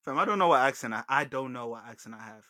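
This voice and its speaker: A man's voice: medium pitch, animated, very fast, pushed and bright, dry recording, clean studio sound. A young British man co-hosting a podcast, joking, swearing and laughing often in slangy casual banter. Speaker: podcast co-host.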